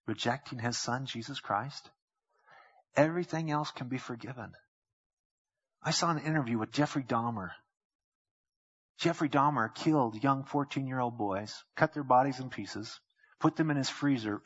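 A male pastor preaching a sermon, acting out quoted voices with sudden jumps in pitch. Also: a bit bright, slightly rough, muffled recording.

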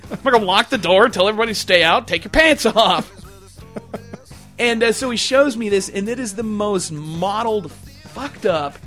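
Host, male, high and bright voice, crude laughing storyteller, faint music underneath. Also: animated, normal speed. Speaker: podcast host. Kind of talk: casual storytelling chat.

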